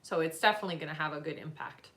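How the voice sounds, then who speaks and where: A woman giving live psychic readings, answering gently and reassuringly with many pauses and fillers. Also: deep voice, roomy sound. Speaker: psychic reader.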